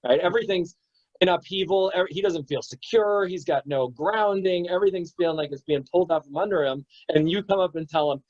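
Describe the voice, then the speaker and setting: A man's voice: high-pitched, fast talker, a little mellow. A man teaching in a casual spiritual discussion, talking emphatically and bluntly with swearing, and acting out little scenes, over a lo-fi internet stream. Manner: emphatic, profane, acts out examples. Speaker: meditation teacher. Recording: dull lo-fi audio.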